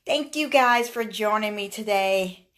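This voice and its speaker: A woman's voice: medium pitch, unhurried. A woman counselor hosting a live online show, chatting casually and telling stories with lots of fillers, a little out of breath. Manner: chatty, animated storytelling with many fillers. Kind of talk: casual live-stream chat.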